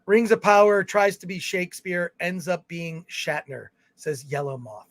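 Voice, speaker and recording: A man's voice: sits high, measured pace, a bit bright, no echo. A man co-hosting a film review livestream, reading viewer comments aloud in casual chat with fillers and restarts. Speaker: film review show co-host.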